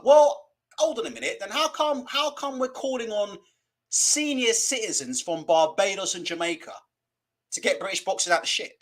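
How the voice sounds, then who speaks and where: A man's voice: high voice, very animated, moderate pace. A man from the West Indies hosting a boxing vlog, ranting casually with laughter and swearing. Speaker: boxing vlogger.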